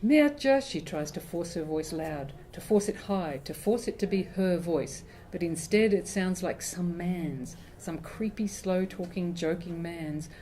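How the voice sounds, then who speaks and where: Low-voiced woman reading her story. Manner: measured, expressive reading. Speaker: author. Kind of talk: reading her fiction aloud.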